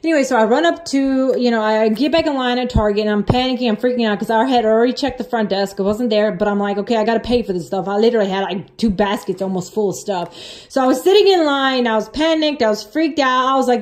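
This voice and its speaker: A woman's voice: fairly high pitch, fast talker, darkish tone. A woman vlogger sharing a personal testimony in a casual, rambling way, full of restarts, and earnest and emotional as she retells it.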